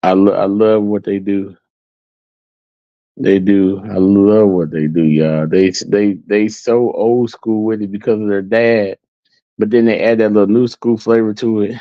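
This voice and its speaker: A man's voice: fairly low pitch, fairly even intonation, measured pace, dry recording. Give me a male channel host chatting casually and laughing through a story, on a dull, close and dry recording. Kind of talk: casual storytelling to livestream viewers.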